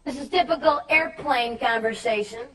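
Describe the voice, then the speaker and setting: A woman youth speaker giving an impassioned religious talk to students, emphatic and preachy, stressing points with shouts and slow drawn-out words. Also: sits high, recorded from a distance, rough recording.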